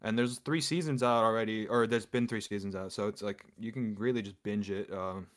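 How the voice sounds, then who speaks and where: A man's voice: fairly low pitch, steady tone, fairly quick. A man co-hosting a podcast, talking casually and rambling with lots of fillers. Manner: rambling, heavy use of fillers like "you know". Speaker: podcast co-host. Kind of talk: casual chat.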